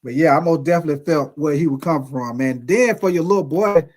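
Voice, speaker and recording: A man's voice: on the high side, brisk, a little mellow. A man hosting casual sports talk, emphatic and full of profanity.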